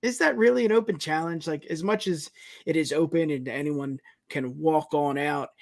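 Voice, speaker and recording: A man's voice: fairly high pitch, normal speed, creaky, no echo, clean studio sound. A man co-hosting a casual wrestling podcast, chatty and leaning on filler phrases. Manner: chatty, leans on filler like "you know" and "it's just like". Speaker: podcast co-host.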